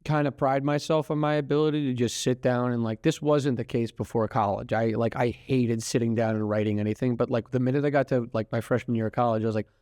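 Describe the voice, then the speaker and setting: A man's voice: medium pitch, steady tone, fast talker, few pauses, a little mellow, no echo, studio quality. A young man in his twenties with a New York accent, chatting as a guest on a podcast in a loose, rambling way, swearing freely and laughing often. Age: 20s. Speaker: guest comedian. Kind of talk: casual podcast chat.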